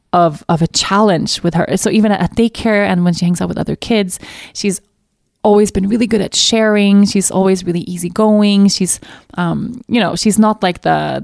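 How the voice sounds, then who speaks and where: A woman hosting a podcast, talking through her thoughts in a candid, reflective monologue, laughing often and growing animated as she retells stories. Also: on the low side, vocal fry, dry recording, studio quality. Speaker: podcast host.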